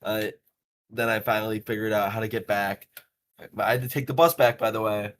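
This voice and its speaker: A young man hosting a podcast, telling animated stories casually, swearing freely and using lots of fillers. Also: lowish voice, brisk, a little hiss or hum. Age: young adult. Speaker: podcast host.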